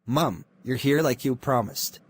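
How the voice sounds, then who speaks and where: A man voicing a curious teenage son who speaks softly and asks questions, with faint background noise. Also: mid-range voice, unhurried, natural voice.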